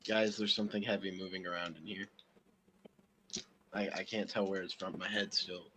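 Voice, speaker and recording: Man at a game table, lowish bright voice, chatty and loose. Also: flat delivery, normal speed, a little hiss or hum, poor audio. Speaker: player. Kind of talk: casual tabletop game chat.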